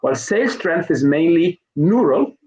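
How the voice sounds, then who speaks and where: A man's voice: on the high side, expressive, a little slow, a little mellow, echoey room, poor audio. A middle-aged man, a sales trainer being interviewed live, telling stories with many restarts and fillers. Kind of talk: live online interview, conversational.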